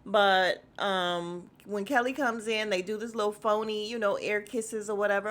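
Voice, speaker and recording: A woman hosting a casual podcast, recapping a reality show in a sassy, animated way and acting out quotes in exaggerated voices. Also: mid-range voice, moderate pace, hardly any pauses.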